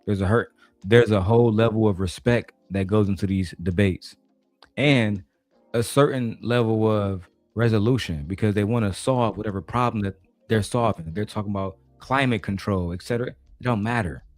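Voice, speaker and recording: A man's voice: lowish voice, moderate pace, darkish tone, no room sound, faint music behind. A man hosting a reaction video, giving mocking, slangy commentary on a debate clip.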